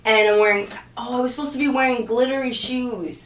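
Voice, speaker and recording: A woman's voice: a little high, fairly even intonation, brisk, slight background noise. A young woman rambling and giggling as she chats casually to the camera in a vlog. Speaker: vlogger.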